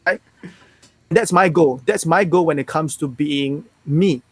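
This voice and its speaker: Guest role: young man, neutral Singaporean English accent, frank, lively chat with restarts, dry close mic. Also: a little high, a little slow, no room sound. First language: Mandarin. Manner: frank, animated, many restarts. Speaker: guest actor. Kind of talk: casual interview chat.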